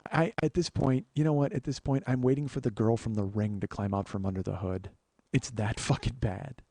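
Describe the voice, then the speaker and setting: A man hosting a comedy podcast, telling an exasperated, profane story that swings from low muttering to loud outbursts. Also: steady tone, a little fast, slightly rough, no echo. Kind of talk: storytelling monologue.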